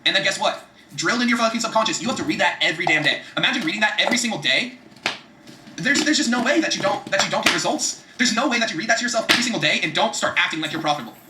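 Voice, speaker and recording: A man giving a fast, profane, emphatic motivational talk about setting goals, often repeating himself for emphasis. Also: sits high, expressive, roomy sound, noisy background. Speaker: vlogger giving trading and goal-setting advice.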